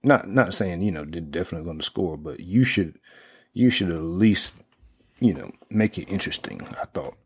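A middle-aged man in casual sports talk, rambling with lots of fillers and restarts, getting excitable as he retells plays. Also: low voice, normal speed, husky, dry recording.

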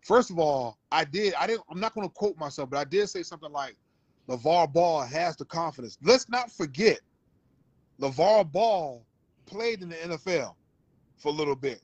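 A man's voice: fairly high pitch, lively intonation, moderate pace, dry recording, highs cut off. A man arguing his point in a heated sports debate, insisting and repeating himself. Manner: insistent, repeats himself, calls people bro.

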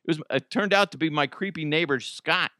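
A man from the United States hosting a casual news commentary podcast, animated and swearing freely, laughing often. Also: fairly high pitch, a little fast, no echo, studio quality. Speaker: podcast host.

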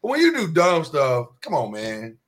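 A man with a voice on the high side speaks at a moderate pace as co-host of a casual podcast chat. He's animated and emphatic, launching into preachy rants.

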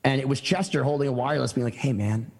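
A man's voice: mid-range voice, racing, vocal fry, long reverb tail. A man telling stories as a podcast guest, eager and rambling, with many fillers and restarts. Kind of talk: casual storytelling chat.

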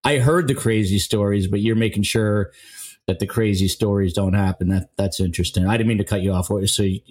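A man's voice: lowish voice, fairly even intonation, fairly quick, a little mellow. A man hosting a casual podcast interview, chatting and asking long, rambling questions. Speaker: podcast host.

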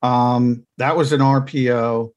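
A man analyzing his team's games in a casual podcast chat, explaining things in quick, talkative runs with asides. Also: mid-range voice, steady tone, darkish tone, smooth, lo-fi sound. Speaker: team insider analyst.

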